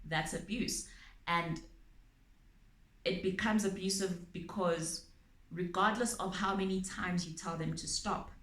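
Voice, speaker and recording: A woman calmly explaining her topic to viewers, using everyday examples and frequent pauses and ums. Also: on the low side. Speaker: channel host on abuse awareness. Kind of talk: explanatory talk to camera. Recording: echoey room.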